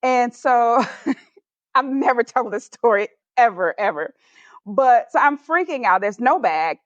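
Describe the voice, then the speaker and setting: A woman's voice: fairly high pitch, expressive, unhurried, dry recording. A woman guest on a podcast, animatedly telling a personal story and laughing often as she goes. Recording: slightly dull, dry recording.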